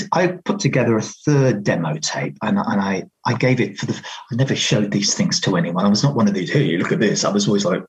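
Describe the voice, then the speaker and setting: A man with a low, breathy, husky voice recounts how his radio career began. He talks casually and animatedly, stumbling over restarts and switching into the voices of the people in the story. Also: poor audio. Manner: animated, acts out quoted dialogue, many restarts.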